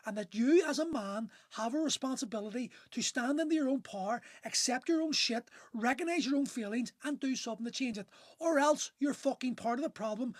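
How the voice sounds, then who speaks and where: Speaking in a very high voice with no echo, this forties-aged man, a gym owner who coaches men, delivers a heated livestream rant from his phone. He curses often and keeps starting his sentences over.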